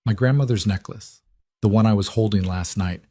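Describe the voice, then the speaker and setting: A man's voice: lowish voice, normal speed, warm tone, close to an everyday voice. A man voicing a weary, exhausted woman executive with a strained, pleading manner.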